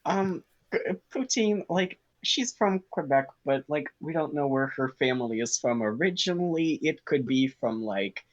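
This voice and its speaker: A man's voice: a little high, expressive, normal speed, dry recording, lo-fi sound. A man joining a stream game as a player, chatting casually with hesitant fillers. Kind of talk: casual chat.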